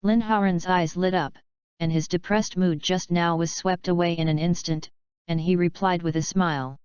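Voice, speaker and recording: A woman narrating a fanfiction audiobook in an even, matter-of-fact reading. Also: on the low side, normal speed, smooth, no echo. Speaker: audiobook reader. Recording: dull lo-fi dry recording.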